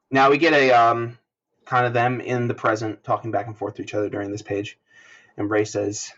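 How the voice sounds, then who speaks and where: A man on a podcast walks through a manga chapter panel by panel, talking loosely with plenty of fillers and jumping into animated character voices. His pitch sits in a middle range. The audio is a little dull and lo-fi, like a home podcast setup. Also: a little fast. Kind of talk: casual chat, reading panels aloud.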